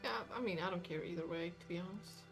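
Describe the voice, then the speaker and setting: Low-ish woman chatting on an art stream, lots of likes and i don't knows, music playing clearly behind. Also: fast. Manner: rambling, hedging, many fillers and restarts. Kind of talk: casual chat while painting on stream.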